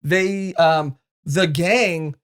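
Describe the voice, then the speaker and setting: A man's voice: on the high side, fairly even intonation, very slow, fairly bright tone, clean tone. A man co-hosting a podcast, talking in casual chat and rambling with restarts. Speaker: podcast co-host.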